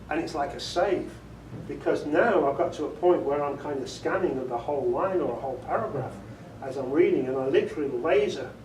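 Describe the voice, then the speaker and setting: A man's voice: on the high side, a little mellow, slight background noise. Chatty man in echoey room. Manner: chatty, self-amused, often laughs, demonstrates inflections. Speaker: audiobook narrator giving a workshop talk. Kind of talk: casual workshop talk. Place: meeting room before a group. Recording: echoey room, recorded from far off.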